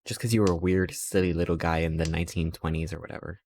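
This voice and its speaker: Male streamer, low voice, casual rambling anecdotes with playful quoted asides. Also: fairly even intonation, fast talker, darkish tone, a little hiss or hum. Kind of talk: casual chat while streaming.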